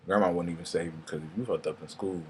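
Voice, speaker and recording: A man's voice: deep voice, fairly even intonation, racing, a little mellow, slight background noise. A young man, telling rambling, casual stories and swearing freely in a vlog. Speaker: vlogger. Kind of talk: casual storytelling monologue.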